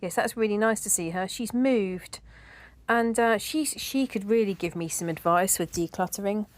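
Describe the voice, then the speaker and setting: Woman, middle-aged, casual rambling chat, mid pitch, dry room. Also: normal speed, no echo. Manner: chatty and rambling, with asides and laughs. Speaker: decluttering vlogger.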